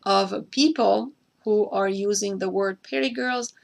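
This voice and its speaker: A woman walks viewers through a screen-share tutorial, going step by step and repeating the key points so nobody gets lost. Her voice has a noticeable gravelly edge, and it sits at an ordinary middle pitch. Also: unhurried. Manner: addresses a co-host by name. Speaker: host.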